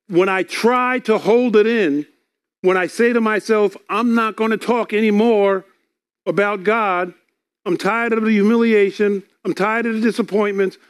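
A man's voice: sits high, clear, resonant tone. A man preaching a sermon, reading scripture aloud and explaining it earnestly, often repeating words.

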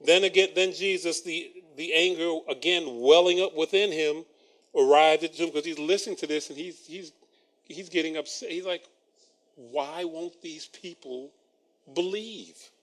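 Animated male preacher, slightly high voice. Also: normal speed. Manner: animated, with wry asides and chuckles. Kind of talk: sermon, reading scripture with commentary.

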